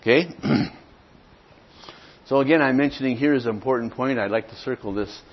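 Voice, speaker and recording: A man teaching how to explain a gospel tract, speaking in a plain conversational way, often clearing his throat and checking in with "okay?". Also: mid-range voice, normal speed. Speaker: evangelism teacher. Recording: dull lo-fi recording.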